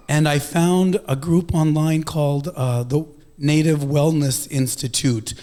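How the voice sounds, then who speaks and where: A man hosting an event, introducing a speaker with a lively personal story, acting out his own thoughts with sudden high-pitched outbursts. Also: a little slow, few pauses. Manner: animated, acts out his own inner voices with big pitch jumps.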